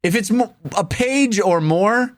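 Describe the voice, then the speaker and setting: A man's voice: high voice, expressive, a little slow, no echo. Dry-joking male co-host, very dry sound. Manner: dry, joking, laughs often. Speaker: podcast co-host. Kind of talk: casual comedic chat.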